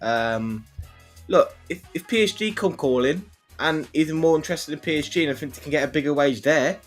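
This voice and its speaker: A man co-hosting a casual football livestream, giving his opinions in a halting way full of restarts. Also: a little high, soft background music.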